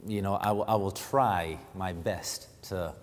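A man from Cuba preaching a sermon, stammering through restarts and self-deprecating humor, then reading scripture loudly and emphatically. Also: low-pitched, steady tone, unhurried. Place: church sanctuary. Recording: long hall reverb.

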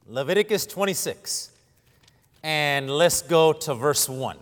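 A man from Cuba preaching a sermon, stammering through restarts and self-deprecating humor, then reading scripture loudly and emphatically. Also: fairly high pitch, expressive, takes it slowly. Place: church sanctuary. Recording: long hall reverb.

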